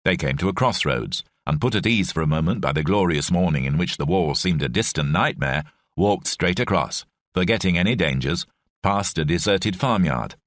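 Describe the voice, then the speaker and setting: A man reading an audiobook in measured, expressive scripted narration. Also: deep voice, dry recording, clean studio sound.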